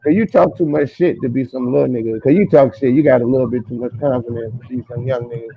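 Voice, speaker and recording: A man's voice: medium pitch, fast, creaky, a little hiss or hum. A man with a Virginia accent, talking emphatically and profanely in a heated casual discussion. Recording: muffled lo-fi audio.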